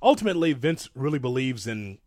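Animated rambling man, dry sound. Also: mid-range voice, fairly quick, no echo. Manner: animated, rambling, self-described old-school fan. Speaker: podcast co-host. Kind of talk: casual wrestling talk.

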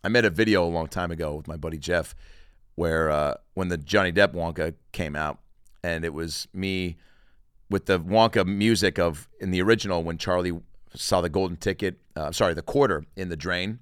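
A man's voice: low-pitched, normal speed, smooth, no room sound, studio quality. A man hosting a comedy podcast, chatting casually and rambling in a jokey way, also doing an ad read. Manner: rambling, jokey, lots of fillers.

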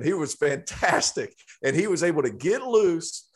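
A man from Tennessee with a Southern accent, co-hosting a casual sports chat with animated asides. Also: a little high, moderate pace. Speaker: co-host.

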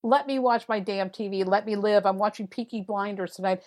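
A woman's voice: mid-range voice, a little fast. A middle-aged woman, a tarot reader, chatting casually on a podcast and acting out her own remarks as she tells stories. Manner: animated storyteller, acts out her own quotes.

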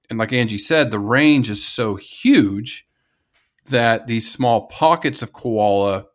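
An American man co-hosting a casual conservation podcast, talking enthusiastically and rambling with frequent restarts. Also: medium pitch. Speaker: podcast co-host.

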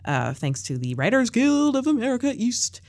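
A woman hosting a podcast in casual chat, animated and leading the segment, with frequent fillers. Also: a little high, normal speed, no room sound. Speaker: podcast host.

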